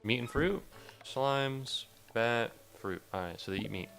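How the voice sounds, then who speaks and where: A man's voice: mid-range voice, unhurried, fairly bright tone. A man giving casual, foul-mouthed commentary as he plays a game, talking to the creatures on screen and to his chat. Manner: chatty, swears freely, talks to game creatures; talks to chat between bouts of play. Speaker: gaming streamer.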